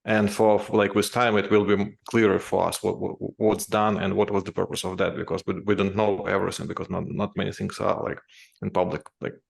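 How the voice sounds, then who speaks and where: A man with a deep, heavily gravelly voice co-hosts a casual podcast. He speaks haltingly, restarting words and filling gaps as he thinks aloud. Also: level tone. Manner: halting, with many restarts and fillers. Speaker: podcast co-host. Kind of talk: casual political chat.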